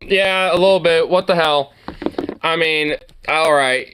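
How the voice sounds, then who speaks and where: A man's voice: fairly high pitch, measured pace, background noise. A man streamer doing casual, rambling reaction commentary, swearing and laughing often.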